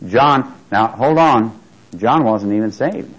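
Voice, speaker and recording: A man's voice: mid-range voice, takes it slowly, lo-fi sound. A man preaching a sermon in a conversational way, questioning his listeners and swelling on key words. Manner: conversational, asks the congregation questions.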